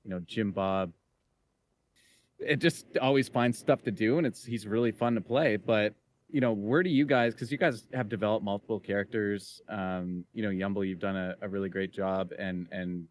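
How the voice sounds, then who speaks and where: A man hosting a casual podcast chat, asking questions with many pauses and fillers. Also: lowish voice. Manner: hesitant, lots of fillers.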